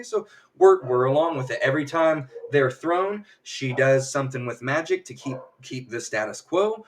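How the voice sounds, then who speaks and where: A man streaming a casual spoiler recap, rambling and acting out characters' lines in quick, jumpy voices. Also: mid-range voice, expressive, fairly bright tone, distant mic, slight background noise. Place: home streaming setup.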